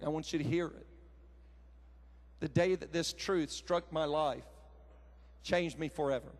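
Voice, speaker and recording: A man, preaching a sermon with folksy personal stories, animated and breaking into shouts. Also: fairly high pitch, a little slow. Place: large conference hall.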